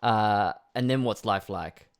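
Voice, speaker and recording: A man hosting a casual interview over a video call from home, playful and quick to laugh as he asks questions. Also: lowish voice, a little hiss or hum. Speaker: host. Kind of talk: casual chat.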